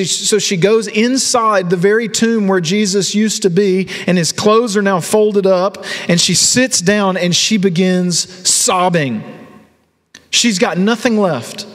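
A man in his thirties preaching a sermon as a pastor, telling a story and acting out the voices in it. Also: high-pitched. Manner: storytelling, acts out quoted voices. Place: church hall. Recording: long reverb of a large hall.

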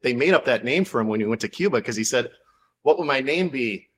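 A man's voice: mid-range voice, quick pace. A male author, a guest on a podcast, telling a story in a casual interview with lots of fillers. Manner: animated storytelling, many fillers.

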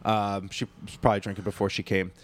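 A man's voice: lowish voice, fast. A man telling a story from his bar job in casual chat, swearing and acting out the people he quotes. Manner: animated, swearing, acts out quoted voices.

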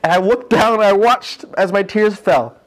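Excitable young man, slightly high voice. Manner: excited, rushed, fills speech with "like". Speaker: guest telling his near-death story. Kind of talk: emotional testimony in a conversation. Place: room with other men holding mics. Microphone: handheld mic.

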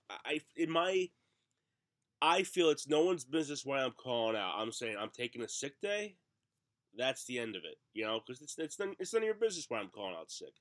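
A middle-aged man whose voice is hoarse and raspy after the flu, with a cough breaking through. His tone is bright and forward, and he rambles through self-mocking stories in a relaxed chat. He sounds like a co-host talking freely. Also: medium pitch. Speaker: podcast co-host. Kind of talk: casual chat.

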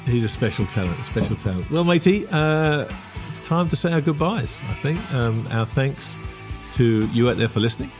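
A man co-hosting a casual sports podcast, talking in a dry, wry, unhurried way. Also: mid-range voice, lively intonation, music in the background. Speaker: podcast co-host.

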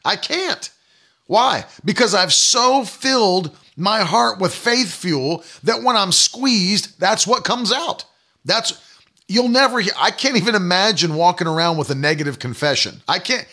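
A man's voice: high-pitched, expressive, moderate pace, pushed and bright. A man in his thirties preaching a sermon, emphatic and repetitive, mocking the doubters he quotes. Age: 30s. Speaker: pastor.

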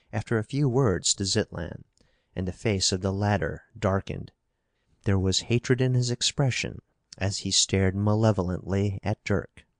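A man narrating a pulp science-fiction novel in an even, measured reading style. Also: lowish voice, no room sound, studio quality. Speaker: audiobook narrator.

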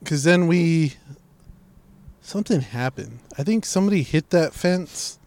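A young man tells a rambling story in casual chat, full of swearing and quoted exchanges he acts out. His voice sits a bit high, and the recording is dry and close. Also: measured pace, no room sound. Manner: profane, animated storytelling, voices quoted people.

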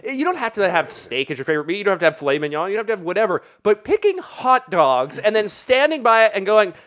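Podcast host guy, high voice, laughs a lot, does mocking little impressions. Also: very animated, quick pace, fairly bright tone. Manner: laughs often, impersonates people mockingly. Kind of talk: casual podcast banter.

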